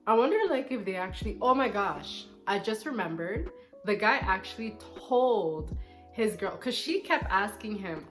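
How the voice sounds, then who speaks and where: A young woman chats straight to her viewers, candid and a little sassy as she tells her story. Soft music plays faintly underneath her voice. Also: mid-range voice, lively intonation, normal speed. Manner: chatty and candid, with a petty, sassy streak. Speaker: vlogger. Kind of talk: casual storytime chat.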